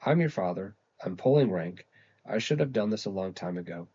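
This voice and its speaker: A man's voice: low-pitched, animated, a little fast, dark tone, husky, highs cut off. A man reading aloud and voicing an angry, strict middle-aged father scolding his daughter in a storybook. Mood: stern. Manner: stern and scolding.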